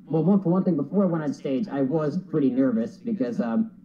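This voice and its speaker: A man's voice: mid-range voice, lively intonation, brisk, highs cut off, a little hiss or hum. A man answering interview questions earnestly, with plenty of hesitations and restarts. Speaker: guest.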